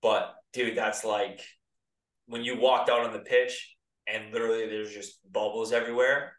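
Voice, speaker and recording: A man's voice: lowish voice, flat delivery, moderate pace, fairly bright tone. A man in his thirties from the United States, a former pro soccer player, chatting casually as a guest in a laid-back, rambling way. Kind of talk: casual interview chat. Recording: roomy, distant mic.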